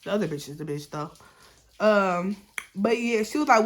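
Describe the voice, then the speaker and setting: Woman, storytime vlog, blunt, profane, heated retelling, lively pitch, roomy room sound. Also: normal speed, long pauses. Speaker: YouTuber telling a story.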